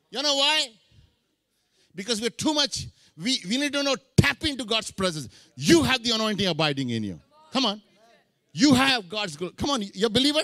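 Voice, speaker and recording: A man's voice: sits high, sharp tone, no room sound. A middle-aged man preaching a sermon, mixing English with Hindi phrases. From India. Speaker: pastor.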